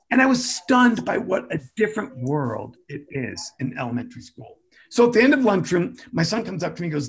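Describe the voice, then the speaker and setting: Animated, lively storytelling man. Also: sits high, gravelly, breathy edge. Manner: animated, jokey, acts out quotes. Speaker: music education speaker. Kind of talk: storytelling talk.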